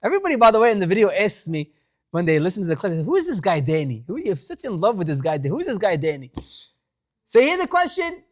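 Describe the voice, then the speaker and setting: Guy rabbi giving a torah class, gets really fired up then goes quiet and pleading. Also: sits high, wildly swooping pitch, fast. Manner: impassioned, pleading, rising to exhortation; mixes Hebrew phrases into English.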